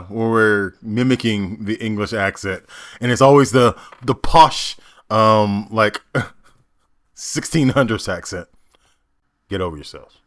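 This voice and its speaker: Animated American man reacting. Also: mid-range voice. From United States. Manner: animated, joking, laughing. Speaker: actor reacting to videos. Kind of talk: casual reaction commentary.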